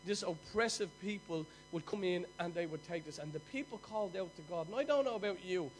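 A high-pitched Irish man preaching a sermon in a storytelling way, surging loud and then dropping low and quiet. Faint music plays softly behind him. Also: fairly quick, rough recording. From Ireland. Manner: storytelling with sudden loud bursts and hushed drops.

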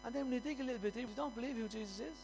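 A man's voice: very high voice, very fast, vocal fry, a little mellow, faint music behind, poor audio. A man preaching a sermon in a church, impassioned and repetitive, often building up to a raised voice.

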